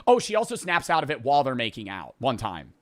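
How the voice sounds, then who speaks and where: A man's voice: medium pitch, huge pitch swings, fast, a bit bright, dry recording. A man casually recapping a movie plot, rambling and profane, laughing as he goes. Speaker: podcast host.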